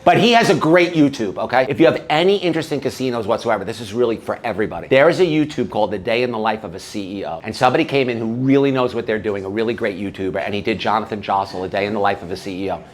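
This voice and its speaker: A man's voice: lowish voice, racing, few pauses. An older man hosting, chatting at a party in a brash, rambling, self-mocking way. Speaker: host and entertainer. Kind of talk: casual chat at a party.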